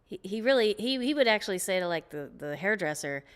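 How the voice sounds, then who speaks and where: A woman guest on an interview show, telling stories in a lively, laughing way, often restarting her sentences. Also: medium pitch, a little fast, clean tone. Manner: animated, laughing storyteller with frequent restarts. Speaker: guest vocalist. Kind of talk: casual interview storytelling.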